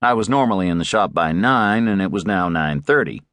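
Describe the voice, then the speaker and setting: Low-voiced wry male audiobook narrator. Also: expressive, normal speed, a bit bright, no room sound, clean studio sound. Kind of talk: first-person audiobook narration.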